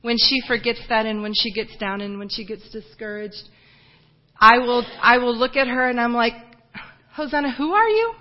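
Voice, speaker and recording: A woman giving a lively personal ministry report to her home church, telling stories with many restarts and fillers. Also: on the high side, normal speed, long reverb tail, dull audio.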